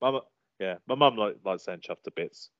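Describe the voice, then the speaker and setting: A man's voice: fairly low pitch, moderate pace, no room sound. A man hosting a casual podcast chat, reading through a list and laughing often. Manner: laughs often, lively banter. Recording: dull lo-fi sound, dry.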